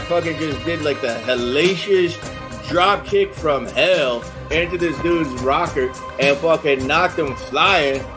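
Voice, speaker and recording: Swearing slangy bro recapping a game. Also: male voice, on the high side. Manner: slangy bro-speak, heavy swearing, constant "like" fillers. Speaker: player recapping a tabletop game session. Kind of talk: casual in-character session recap.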